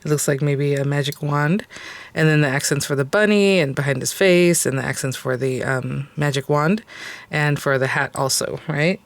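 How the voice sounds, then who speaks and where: A woman's voice: sits low, a little hiss or hum. A woman hosting a casual crafting tutorial, chatting and thinking aloud with lots of fillers as she works. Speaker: craft channel host.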